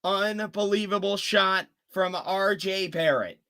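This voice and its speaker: A young man calling a basketball game play by play as an openly partisan fan. His voice sits high and bright, and his delivery is unhurried between plays, with groans and cheers as the action swings. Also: creaky, clear, resonant tone. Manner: excitable, rooting for one team, groans and cheers. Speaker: play-by-play commentator.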